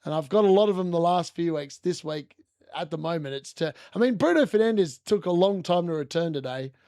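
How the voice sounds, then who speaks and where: A man with a high-pitched voice commentates live on a fantasy football stream. He talks in a chatty, excitable way, laughs often and corrects himself mid-sentence. The sound is dry and close, with no room around it. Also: brisk, dry recording. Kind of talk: live watch-along commentary.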